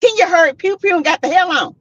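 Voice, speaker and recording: A woman hosting a casual commentary stream, reading out chat comments and making her points with animated, repetitive emphasis. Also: extremely high pitch, fairly quick, no echo. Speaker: host. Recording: dull lo-fi sound.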